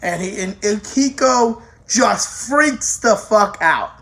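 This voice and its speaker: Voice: medium pitch, expressive, slow pace, a bit bright. An anime reviewer giving a casual, rambling spoken review, full of restarts and offhand swearing.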